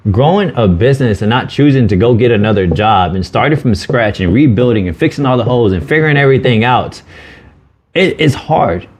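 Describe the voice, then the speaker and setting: A man's voice: medium pitch, lively intonation, quick pace, hardly any pauses, darkish tone. A man co-hosting a podcast, talking earnestly and openly about hard times and swearing freely. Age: adult with children. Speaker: podcast co-host. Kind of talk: candid podcast conversation.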